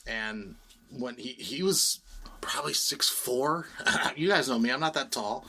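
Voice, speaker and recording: A man's voice: medium pitch, moderate pace, bright, forceful tone. A middle-aged man on a podcast, casually telling a heated personal story with lots of swearing. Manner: storytelling, swearing, laughs often. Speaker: podcast co-host.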